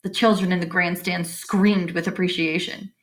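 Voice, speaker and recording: A woman reads a children's chapter book aloud with lively expression. Now and then she stops to explain the story to young listeners in a teacher-like way. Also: lowish voice, normal speed.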